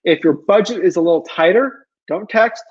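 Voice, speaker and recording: A man's voice: high voice, moderate pace, slightly rough, lo-fi sound. A man giving casual advice while answering viewer questions, earnest and pleading, rambling with lots of fillers. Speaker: real estate wholesaler answering viewer questions.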